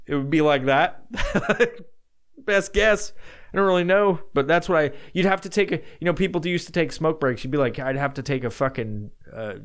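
A man's voice: on the high side, smooth. A man hosting a casual solo podcast, rambling and swearing as he answers listener questions. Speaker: podcast host.

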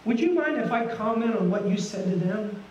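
Folksy high-voiced preacher in a roomy church. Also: male voice, expressive, normal speed, darkish tone, highs cut off, a little hiss or hum. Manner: folksy, asks the congregation many questions. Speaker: guest pastor. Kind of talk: sermon. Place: church sanctuary. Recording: roomy, from a distance.

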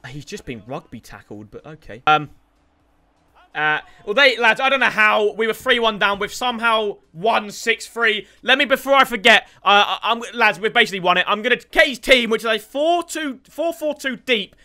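A young man giving excitable commentary over his own football video game matches, shouting at players and swearing. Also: high-pitched, moderate pace. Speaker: gaming YouTuber. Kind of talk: gameplay commentary.

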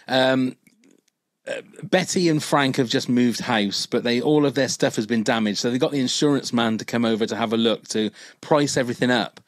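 A British podcast host chats casually, recounting scenes and laughing easily as he goes. His voice is mid-pitched at a moderate pace, and the sound is dry and close-miked with no room sound at all.

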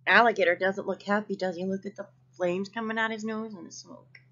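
A woman reading a picture book aloud to children, expressive and asking her young listeners questions. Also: mid-range voice, brisk. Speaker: children's story reader. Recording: dull lo-fi recording.

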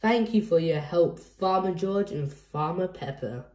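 A gentle old grandpa pig from a storybook, as a woman reads him aloud, chuckling and kindly. The voice stays dark, low and unhurried. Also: echoey room, lightly acted.

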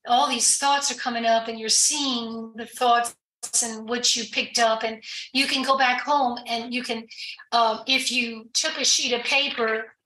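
A woman with a bright, slightly high voice explains things earnestly, pausing on fillers and restarting her sentences. She talks in an easy conversational way. The room adds a noticeable echo. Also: steady tone. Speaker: guest addiction recovery professional. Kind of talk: conversational podcast interview.

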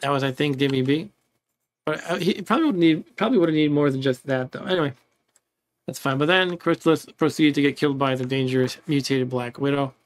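A man's voice: on the high side, a little fast. A man casually commenting on his own game playthrough, rambling along, chuckling now and then and reading game text aloud. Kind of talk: casual let's-play commentary.

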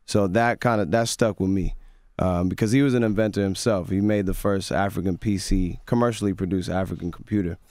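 A man's voice: sits low, brisk, no room sound. Young man chatting in a dry radio studio. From grew up partly in Nigeria and the US. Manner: relaxed, storytelling, many restarts. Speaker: guest musician. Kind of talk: casual radio interview chat. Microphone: studio mic.

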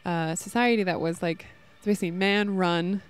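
A woman in her thirties, a podcast host, speaks in a lowish, steady, clean voice at a moderate pace. Recorded outdoors in a park with children playing nearby, her casual spiritual talk about love and self-worth is earnest, rambling and heavy with fillers.

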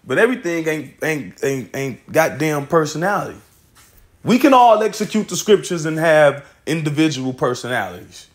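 A man's voice: on the high side, very animated, normal speed. A man teaching scripture in a loose, casual way, swearing and laughing often as he reads verses aloud.

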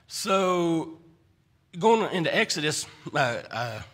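A man's voice: fairly high pitch, very animated, slow pace, fairly bright tone. A man preaching a conversational sermon in a church, often stumbling and restarting his words.

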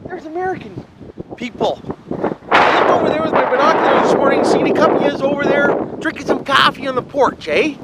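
Folksy Canadian man in loud wind. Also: extremely high pitch, a little fast. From Ontario, Canada. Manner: folksy, tags lines with "eh" and "frig". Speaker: vlogger. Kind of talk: casual outdoor vlog chat. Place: outdoors by a river at a campground. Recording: loud wind noise on the mic.

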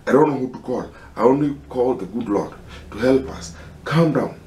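A man with a Kenyan accent making an impassioned, halting personal appeal, pleading and repeating himself. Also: medium pitch, lively intonation, dark tone, roomy sound, slight background noise. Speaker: concerned citizen.

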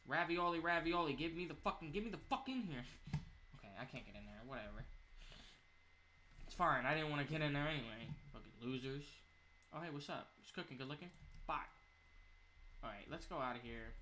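A man giving rambling, profane commentary while he plays a zombie game. He jumps between mumbling and loud outbursts. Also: on the high side, a little hiss or hum. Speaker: gamer. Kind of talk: gameplay commentary.

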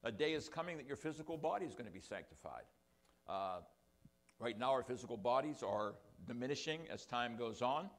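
A man's voice: mid-range voice, lively intonation, a little fast. An older man preaching a sermon to his congregation, with rambling, self-deprecating asides. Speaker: pastor. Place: church sanctuary.

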